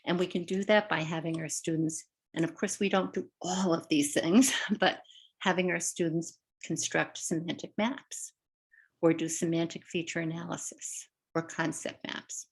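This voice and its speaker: A woman's voice: fairly low pitch, steady tone, moderate pace, slightly rough. An older woman, a literacy educator, giving a webinar lesson over a video call, chatty and checking in with her listeners often. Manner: conversational, checks in with "right?" and "all right". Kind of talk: webinar teaching presentation.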